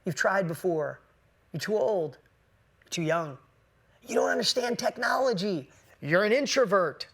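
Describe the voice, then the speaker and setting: A man's voice: sits high, expressive, unhurried, gravelly, pauses often, exaggerated voice. A man voicing his own inner doubt as a discouraging, near-whispered villain. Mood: taunting. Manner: hushed, discouraging.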